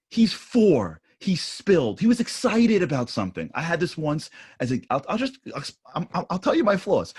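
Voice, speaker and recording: A man speaking at a panel discussion, talking emphatically and shifting between intense points and soft asides. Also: a little high, slightly rough. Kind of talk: impassioned panel talk.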